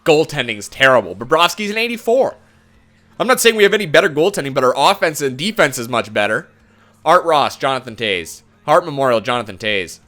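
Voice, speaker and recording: A man's voice: mid-range voice, very animated, fairly quick, bright, forceful tone. A young man giving frustrated, swearing commentary while he plays a hockey game. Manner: exasperated, swearing, ranting. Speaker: gaming video host.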